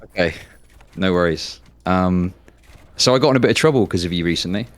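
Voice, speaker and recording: A man's voice: deep voice, fairly quick. A man from England with an English accent, talking as a guest in a brash, sweary, casual stream debate.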